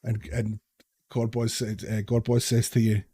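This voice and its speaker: A man's voice: lowish voice, completely flat delivery, unhurried, mellow, breathy edge, dry recording. Man narrating as game master. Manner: stumbling, repeats words while narrating. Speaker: dungeon master.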